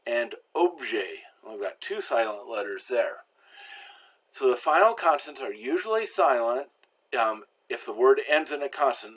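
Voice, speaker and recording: A man teaches pronunciation in a recorded lesson, his pitch moving up and down in lively swings. He explains step by step and leans on each example word so it stands out. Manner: explanatory, stresses example words. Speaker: language teacher.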